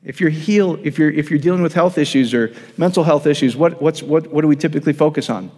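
A man's voice: a little high, quick pace, darkish tone, breathy edge, in a large hall. A man preaching a sermon, emphatic and repetitive, often restarting his sentences. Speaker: pastor.

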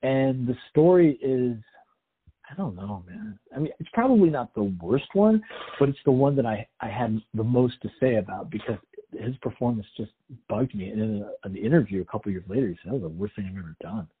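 A man's voice: mid-range voice, animated, brisk, slightly rough. A man co-hosting a podcast, chatting casually and sarcastically about a movie, rambling with wry jokes. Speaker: podcast co-host. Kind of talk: casual movie review chat. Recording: tinny phone-like sound.

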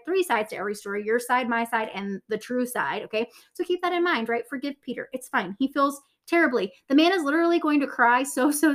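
Young woman teaching the Bible casually, high-ish voice, keeps checking in with "right?". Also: fairly bright tone. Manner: chatty, filler-heavy, asks "right?" often; acts out quotes in a lower voice.

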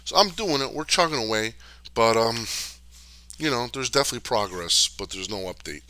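This middle-aged podcast host's voice is medium-pitched, pushed and bright, with lively intonation at normal speed. He rambles through casual chat and viewer questions in a loose, streetwise way, with frequent fillers and cursing.

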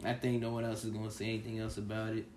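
A man co-hosting a podcast, talking basketball in a laid-back, measured way. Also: lowish voice, completely flat delivery, a little mellow, echoey room. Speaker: podcast co-host. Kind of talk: casual sports chat.

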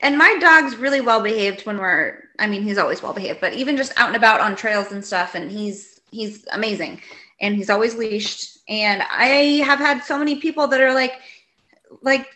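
A woman co-hosting a casual chat, telling animated stories and acting out what people said. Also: fairly high pitch, moderate pace. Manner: animated storyteller, acts out quotes, exasperated.

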